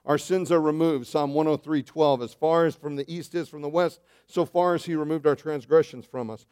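Male pastor, sermon, fairly high voice, lively swings from loud to hushed, asks the congregation questions. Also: normal speed, clean tone. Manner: addresses listeners as saints, asks questions.

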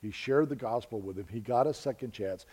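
Speaking briskly in a medium-pitched, warm voice with a breathy edge, an American preacher and missionary earnestly shares stories from the pulpit. He addresses the congregation as folks throughout his sermon.

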